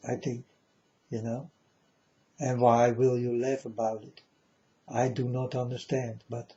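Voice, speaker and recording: Slow, mellow-voiced man ranting earnestly. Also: medium pitch, lo-fi sound. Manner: earnest, deliberate, addresses viewers as folks. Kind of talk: rambling monologue to camera.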